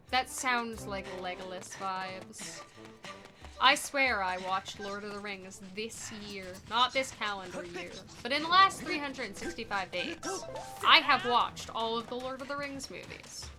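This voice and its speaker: A woman streamer chatting casually during a speedrun, reading chat aloud and laughing often. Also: medium pitch. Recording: game music playing behind.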